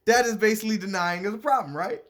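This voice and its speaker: A man's voice: high voice, quick pace, a bit bright. A man reading a letter aloud and commenting on it in casual chat, repeating his points and restarting sentences as he goes.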